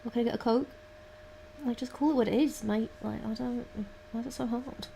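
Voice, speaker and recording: A woman's voice: on the high side, fairly even intonation, brisk, creaky, warm tone, slight background noise. A woman livestreaming as she paints, chatting casually, muttering to herself and swearing now and then. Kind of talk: casual chat while painting.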